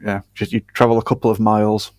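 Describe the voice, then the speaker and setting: A man's voice: on the low side, flat delivery, fast, darkish tone, no room sound. Blunt English man, swearing, dry mic. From England. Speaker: guest. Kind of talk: casual wrestling chat.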